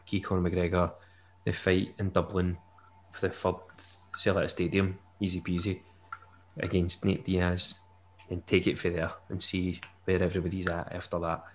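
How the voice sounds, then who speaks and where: A young man co-hosts a podcast, chatting casually and jokily with bursts of laughter. His voice sits low, his tone is level, and he speaks at a moderate pace. A little hiss or hum is audible.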